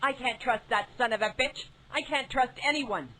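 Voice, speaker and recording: A woman's voice: on the high side, normal speed, low-quality recording. A woman voicing a furious, distrustful wife betrayed by her husband in a video game. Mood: angry, bitter. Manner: shouting angry threats, then solemn resolve.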